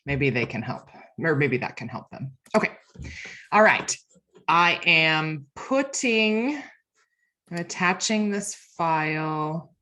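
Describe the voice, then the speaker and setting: Bright-voiced woman hosting a video call. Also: a bass voice. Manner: chatty, laughs often, self-deprecating. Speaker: host filling in. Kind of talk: casual video call chat.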